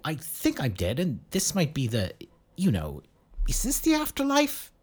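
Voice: medium pitch, wildly swooping pitch, unhurried, slightly rough, voice pushed up, heavily acted. A narrator voicing a disoriented man who stammers and rambles nervously. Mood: dazed. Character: dazed stammering stranger man.

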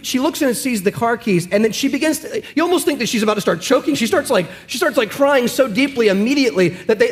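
Pastor, male, high voice, earnest storytelling preacher. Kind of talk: sermon discussion.

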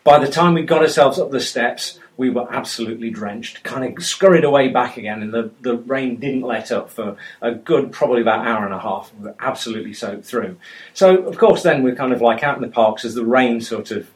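A man's voice: medium pitch, brisk. Rambling British man telling a story. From Britain. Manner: rambling, self-mocking, many fillers. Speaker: fan telling a story at a meetup. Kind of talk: casual storytelling to a live audience.

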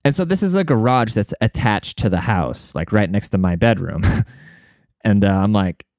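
A young man telling a long story to his viewers in a casual, profane, animated way, talking to them like a buddy. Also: lowish voice, moderate pace, no room sound, clean studio sound. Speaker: vlogger.

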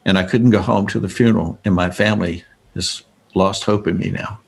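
Gentle, polite male phone agent, quoted by a man telling a story, soft-spoken and a little gravelly. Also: low-pitched, steady tone, fairly quick, exaggerated voice.

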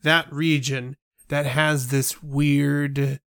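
A man's voice: a little high, level tone, drawn-out words, creaky, fairly bright tone, clear, resonant tone, dry recording, clean studio sound. A man chatting casually about films and music, giving long loose explanations full of fillers.

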